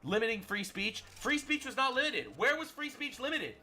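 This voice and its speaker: Brash high-voiced male streamer. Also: expressive, moderate pace, sharp tone. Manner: brash, profane and sarcastic ranting. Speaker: livestream host. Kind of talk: livestream political commentary.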